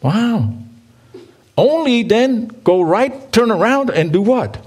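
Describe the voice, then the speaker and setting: A man preaching in a church, his voice sitting a little high for a man. He reads scripture aloud and pauses so the congregation can join in. His delivery is conversational, with playful asides to the listeners. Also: very animated, darkish tone, slightly rough. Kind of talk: sermon.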